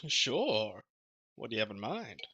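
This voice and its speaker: Dude at a tabletop game, dry wry comments, lively pitch. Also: male voice, a little slow, slightly rough. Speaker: player.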